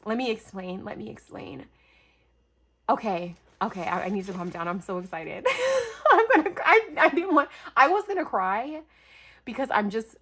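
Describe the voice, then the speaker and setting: A young woman from the United States vlogging a craft mail unboxing, talking fast and gushing, overwhelmed and near tears. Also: fairly low pitch. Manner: gushing, talkative, breathless bursts of excitement. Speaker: craft YouTuber. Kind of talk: excited unboxing vlog.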